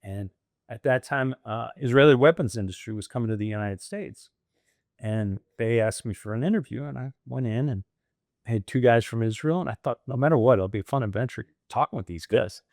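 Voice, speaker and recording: Clean studio sound with no echo carries a middle-aged man's medium-pitched, fairly quick voice. A guest in a storytelling interview, he tells his stories animatedly, performing the quoted dialogue as he goes.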